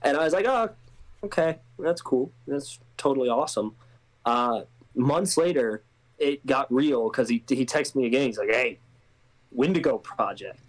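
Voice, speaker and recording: A man's voice: mid-range voice, normal speed, rough recording. A man being interviewed as an actor, talking casually with a hesitant manner. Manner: hesitant, many restarts and laughs. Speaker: guest actor.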